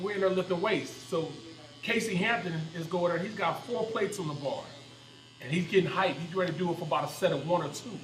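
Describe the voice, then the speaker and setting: A man who is a former pro football player, telling stories in a casual sports chat and shouting out the lines of the people he quotes. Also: high-pitched. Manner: animated storyteller, yells quoted lines. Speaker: former NFL player, panelist. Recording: echoey room with crowd noise.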